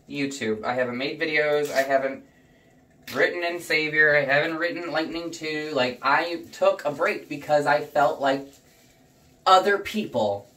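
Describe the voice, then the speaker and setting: Dyeing hair while ranting casually, a young adult vlogger swears heavily and speaks with heated, animated energy. The mid-range voice is far from the mic, and the room adds a clear echo.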